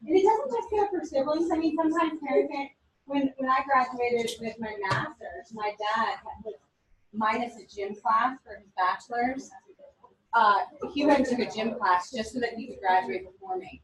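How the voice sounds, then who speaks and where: A woman in her forties teaching a class, animated and telling stories with quoted voices. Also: fairly high pitch, normal speed. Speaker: instructor. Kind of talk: classroom lecture. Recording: echoey room from a distance.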